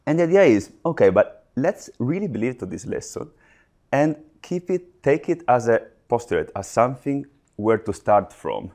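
A man giving a live lecture, explaining step by step with frequent restarts and pauses. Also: mid-range voice, big pitch swings, a little mellow. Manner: halting, restarts mid-phrase, explains step by step.

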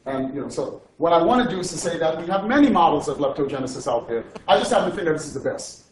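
A man gives an informal physics lecture in a slightly high voice, wandering into jokes and asides and tossing "okay?" to the room. He sounds far from the microphone in an echoey hall, with a faint hiss underneath. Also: expressive, quick pace. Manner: digressive and joking, with frequent "okay?" check-ins. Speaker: physics professor giving a lecture.

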